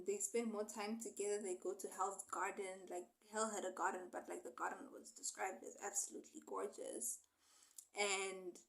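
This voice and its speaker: A young woman casually retelling a novel for a book review, chatty and animated as she acts out the characters. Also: mid-range voice, low-quality recording.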